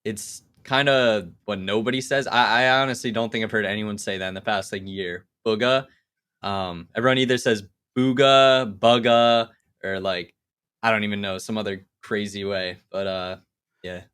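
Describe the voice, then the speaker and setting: A man's voice: on the low side, fairly even intonation, normal speed, bright, forceful tone, clean tone. A young man, a gaming guest, answering casually with lots of fillers and a modest tone. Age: young adult. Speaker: guest, pro gamer. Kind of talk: casual podcast interview.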